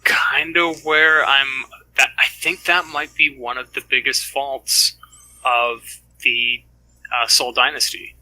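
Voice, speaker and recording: A man co-hosting a casual esports podcast, eager and excitable, leaning on "like" as he talks. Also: medium pitch, slow pace, rough recording. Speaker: co-host.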